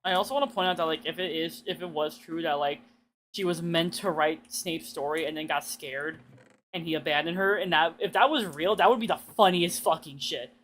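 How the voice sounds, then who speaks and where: A woman's voice: deep voice, fairly quick, a bit bright, slight background noise. Laughing, swearing streamer woman. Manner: rambling, swearing, laughs often, lots of "like". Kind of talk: casual game-stream chat.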